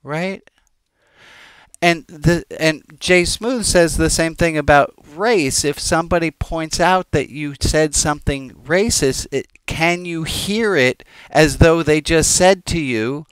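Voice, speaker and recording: Rabbi teaching in a chatty, joking way. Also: male voice, on the high side, slow, a bit bright, clear, resonant tone. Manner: conversational, digressive and joking, addressing the congregation. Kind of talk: informal teaching sermon.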